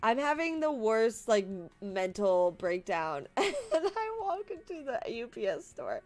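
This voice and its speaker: A woman's voice: on the high side, big pitch swings, measured pace, a little mellow. A woman in her late twenties, a streamer telling viewers about her day in an emotional, rambling way, laughing through tears. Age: late 20s. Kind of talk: casual storytelling to viewers.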